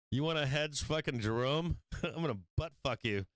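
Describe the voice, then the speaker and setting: Laughing, foul-mouthed man with a smooth voice. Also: a little high, measured pace, no echo. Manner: laughs constantly, swears freely, gets loud and excitable. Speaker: stock market live-stream host. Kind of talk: casual profane trading commentary.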